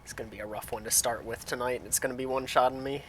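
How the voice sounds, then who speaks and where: Talking very fast with fairly even intonation, this medium-pitched streamer rambles to his viewers as he plays a video game. A runny nose makes him slightly nasal; he restarts his thoughts, responds to chat, and there's slight background noise.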